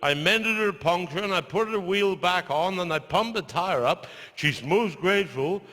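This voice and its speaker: An older man with a Cornish accent telling stand-up stories, with dry deadpan asides after each punchline. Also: sits high, moderate pace. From Cornwall. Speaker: stand-up comedian. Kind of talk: stand-up storytelling. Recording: live show in a large hall with audience laughter.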